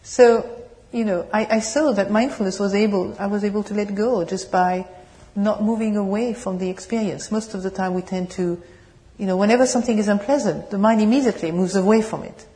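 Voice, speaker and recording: A woman with a French accent tinged with British English, giving a meditation talk and answering questions in a gentle, searching way. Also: mid-range voice, fairly even intonation, fairly quick, few pauses. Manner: gentle, searching, laughs softly, asks the audience questions. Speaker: meditation teacher. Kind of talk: dharma talk with Q&A. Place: meditation hall.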